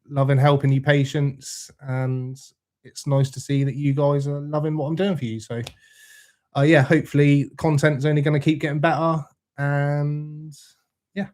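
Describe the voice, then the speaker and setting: A man's voice: on the high side, a little mellow. A young man hosting a casual livestream, greeting viewers by name, laid-back and swearing freely. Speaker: livestream host reading chat. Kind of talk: casual live chat.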